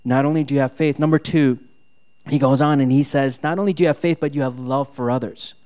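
A man's voice: medium pitch, fairly even intonation, fast, dark tone, smooth. A man preaching a sermon, telling a personal story with lots of "right?" and building to exasperated outbursts. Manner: frequent fillers and tag "right?". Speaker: pastor.

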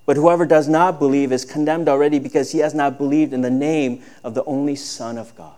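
A man with a fairly high voice preaching a sermon. He talks conversationally, like a pastor speaking to his congregation, and acts out quoted speech with lively shifts in tone. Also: brisk.

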